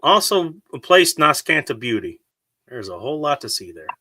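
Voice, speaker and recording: A man's voice: mid-range voice, sing-song, moderate pace, sharp tone, slight background noise. A man hosting a casual podcast, cracking crude teasing jokes with his co-hosts. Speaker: podcast host. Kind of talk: casual banter.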